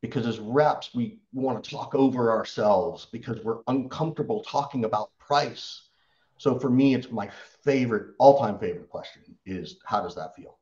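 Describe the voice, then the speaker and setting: A man who works as a sales coach, answering interview questions and acting out what clients say in lively stories. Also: mid-range voice, normal speed, highs cut off. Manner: animated storytelling, acts out client quotes.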